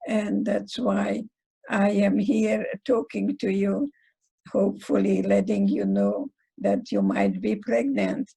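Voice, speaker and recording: An older woman in her nineties, a psychologist and guest speaker, telling stories slowly and deliberately, with short sayings and a Hungarian mother tongue. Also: medium pitch, lively intonation, warm tone, rough recording. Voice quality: gravelly, husky voice. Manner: slow, deliberate storytelling with aphorisms. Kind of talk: speaker series talk.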